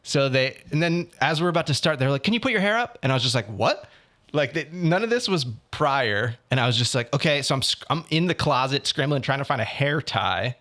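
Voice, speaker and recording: A young man co-hosting a podcast, telling a story in a casual, animated way and acting out what other people said. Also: mid-range voice, a little fast. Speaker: podcast co-host. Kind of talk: casual chat.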